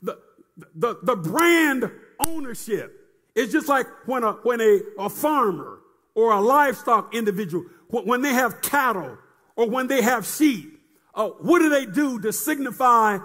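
A man's voice: very high voice, animated, measured pace, a bit bright. A man preaching a sermon in a chanting, sing-song cadence, repeating phrases and calling on the congregation to answer.

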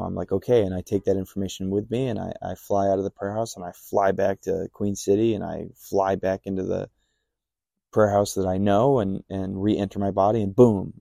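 A man telling a long personal faith story on a podcast, rambling and halting with many fillers and restarts. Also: low voice, gravelly, dark tone, no room sound. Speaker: podcast guest. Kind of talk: storytelling testimony.

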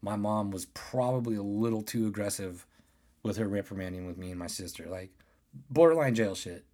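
A man's voice: lowish voice, brisk, mellow. Rambling, profane man ranting solo. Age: 30s. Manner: profane, rambling, restarts often. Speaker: podcast host. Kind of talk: casual solo podcast rant.

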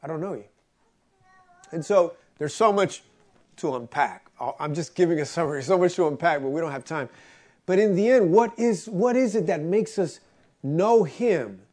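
A man's voice: fairly high pitch, expressive, normal speed, darkish tone. A man preaching a conversational sermon, earnest and storytelling, repeating phrases for emphasis.

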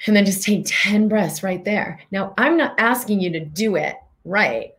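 A woman's voice: medium pitch, measured pace, fairly bright tone. A middle-aged woman giving an earnest, reflective talk as a wellness coach, guiding listeners with questions.

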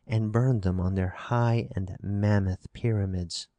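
A man's voice: lowish voice, steady tone, measured pace, mellow, no echo, lo-fi sound, lightly acted. A man reading the part of a frightened young woman, pleading and anxious. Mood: fearful.

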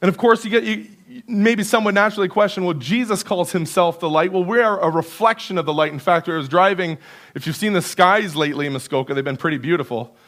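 A pastor preaching a sermon in church, earnest and conversational, building emphasis through repetition. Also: male voice, high-pitched, quick pace, fairly bright tone. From Canada. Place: church sanctuary.

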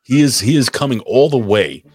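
A man's voice: medium pitch, lively intonation, normal speed, slightly rough. A man co-hosting a live podcast, bantering loosely and swearing while reading out chat names. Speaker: podcast co-host.

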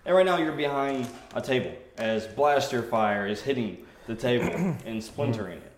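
A man's voice: mid-range voice, lively intonation, measured pace. A man running a tabletop game as game master, narrating the action with laughs and sound effects. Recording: roomy with faint noise.

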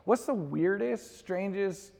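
A man's voice: sits high, lively intonation, slow, creaky, darkish tone. A man, a pastor, telling candid personal stories to a congregation in a casual, laughing way and putting questions to his co-pastor. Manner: candid storytelling with laughs, asks co-host questions. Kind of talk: conversational sermon talk. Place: large church sanctuary. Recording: church hall reverb.

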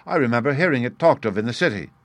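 A man's voice: mid-range voice, expressive, rapid-fire, no room sound, natural voice. A man voicing an anxious young male clerk who pleads in a raised, agitated voice.

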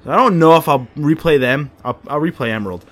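A man's voice: on the high side, animated, fast, fairly bright tone. A man co-hosting a podcast, chatting casually and rambling, laughing easily. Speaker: podcast co-host. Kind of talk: casual chat.

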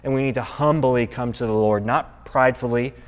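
Young male college-group teacher, relaxed conversational sermon, echoing hall. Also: medium pitch, fairly quick. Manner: conversational, asks the room for agreement. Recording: long reverb in a hall.

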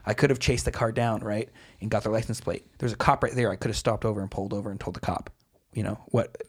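A young man with a husky, slightly low voice talks quickly in a loose, rambling way. He tells stories in casual podcast chat, full of "like" and "you know". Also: fairly even intonation. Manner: rambling storyteller, lots of fillers. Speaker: guest.

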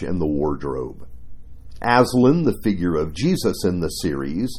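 A man preaching a devotional sermon, telling a story in an earnest, expressive way. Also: on the low side, slightly rough.

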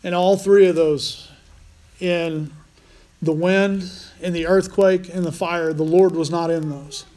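A man's voice: high-pitched, fairly even intonation, slow, mellow. A man preaching a conversational sermon as pastor, restarting phrases often.

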